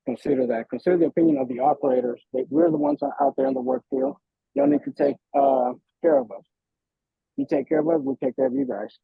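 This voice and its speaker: Emphatic man, gravelly and tinny. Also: mid-range voice, sing-song, fast, no room sound. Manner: frustrated, emphatic complaint. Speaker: bus operator giving public comment. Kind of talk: public comment at a board meeting. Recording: tinny phone-like sound.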